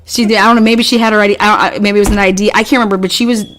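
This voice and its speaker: A woman recounts a story in casual podcast chat, swearing often and sounding fed up as she rambles and restarts. Her pitch sits in the middle range. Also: steady tone, very fast, a bit bright, a little hiss or hum. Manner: profane, exasperated, rambling with many restarts.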